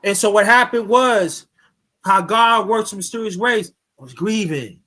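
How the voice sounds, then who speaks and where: Host, male, high bright voice, rambling chatty storyteller who restarts his sentences. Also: normal speed. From New York. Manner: rambling, repeats himself, restarts often. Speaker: YouTube channel host. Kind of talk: casual storytelling on a live chat.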